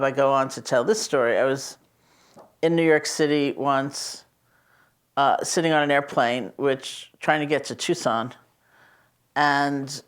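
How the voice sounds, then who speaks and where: A woman meditation teacher speaking in a conversational, storytelling way, gently emphatic as she teaches about loving kindness. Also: very deep voice. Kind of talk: reflective teaching talk.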